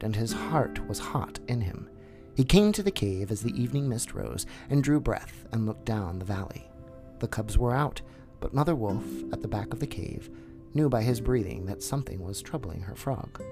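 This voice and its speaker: A man reading a classic children's story aloud in a calm, measured way. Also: mid-range voice, music in the background.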